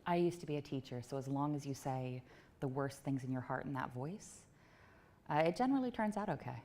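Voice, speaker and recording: A woman giving a talk at a technology meetup in a playful, self-mocking way, with quick asides to the audience. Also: very deep voice, expressive, a little mellow, a little hiss or hum. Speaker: conference speaker. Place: event venue before a live audience.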